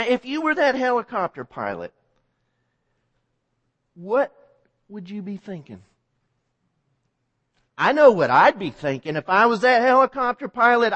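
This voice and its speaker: A man's voice: sits high, a bit bright, big-room sound, highs cut off. A man preaching a sermon, telling a story vividly, with frequent restarts.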